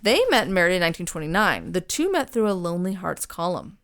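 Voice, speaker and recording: Now very animated and quick, the young woman's voice is on the low side and a bit bright as she co-hosts the podcast. She retells the true crime case casually, rambling, swearing freely and often restarting with ums.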